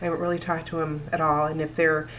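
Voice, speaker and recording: Woman, 40s, lower voice, emotional, halting, faint background hum. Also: level tone. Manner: emotional, halting, breaks down at times. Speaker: vlogger. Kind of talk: personal talk to camera.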